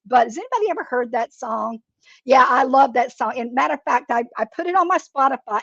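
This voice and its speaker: A woman's voice: fairly high pitch, no room sound, dull audio. A middle-aged woman chats and laughs often while she sculpts and paints on a live stream from her craft table at home. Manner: chatty and rambling, laughs often. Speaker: craft presenter.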